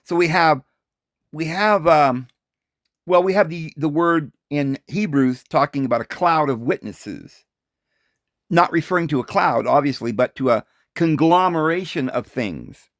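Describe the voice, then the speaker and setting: A man giving an informal Bible commentary, animated and full of rhetorical questions and short chuckles. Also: fairly high pitch, unhurried, dry recording, studio quality. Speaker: Bible teacher.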